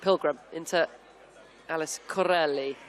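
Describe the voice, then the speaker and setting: A woman giving brisk live football commentary with jokey asides. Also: deep voice, some chatter behind, slight background noise. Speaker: play-by-play commentator.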